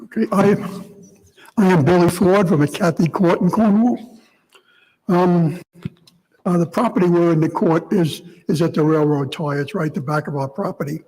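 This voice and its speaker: Male resident, hoarse, higher voice, halting unscripted comment, big room echo. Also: warm tone. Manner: halting, apologetic, repeats words. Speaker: resident giving public comment. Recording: long reverb in a meeting hall.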